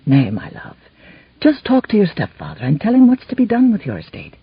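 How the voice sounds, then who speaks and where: A woman's voice: fairly low pitch, fairly quick, slightly rough, dry recording, heavily acted. A woman voicing a young Scottish knight speaking tenderly to his wife, with a Scottish accent, in a slightly muffled recording. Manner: tender, steady, old-fashioned speech. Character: young male Scottish knight, loving husband.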